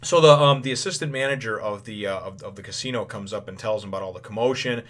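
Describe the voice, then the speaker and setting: A man whose voice sits on the low side talks fast as he hosts his own channel. His casual chat recaps a comic chapter, meandering with lots of "you know" and an odd chuckle now and again.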